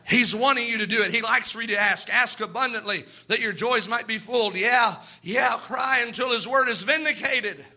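A man preaches with fervour, acting out the people in his stories as he goes. His voice sits very high and rings with a sharp brightness. It is a sermon through and through. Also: fairly quick, few pauses.

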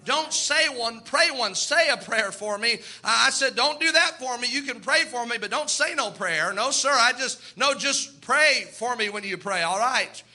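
Male preacher, very high and piercing voice, fervent sermon delivery that voices the people in his stories. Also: expressive, normal speed, few pauses, bright, forceful tone.

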